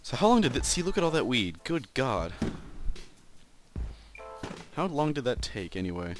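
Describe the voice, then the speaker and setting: A man doing let's play gaming commentary, excitable and swearing often, yelping when he fails. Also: medium pitch, normal speed, over music. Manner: excitable, swears a lot, yelps at failures.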